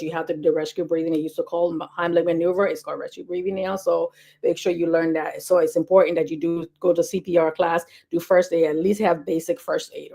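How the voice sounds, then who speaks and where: A woman health educator talking fast and casually to camera, repeating key points with lots of fillers. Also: lowish voice, darkish tone. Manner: talks fast.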